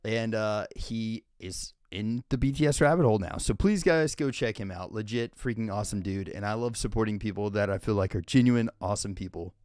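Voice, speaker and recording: A man hosting a live stream, greeting viewers by name in a lively, exclaiming way and chatting casually. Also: fairly low pitch, a little fast, hardly any pauses, clean tone, dry recording. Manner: energetic, greets chat by name with loud exclamations. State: a little winded.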